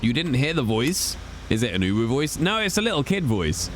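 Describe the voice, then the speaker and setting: A man's voice: mid-range voice, very animated, fairly quick, slight background noise. A young man streaming a roleplay game who chats playfully with his viewers in a self-mocking way, talking through a blocked nose. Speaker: livestreamer. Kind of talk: casual chat with viewers.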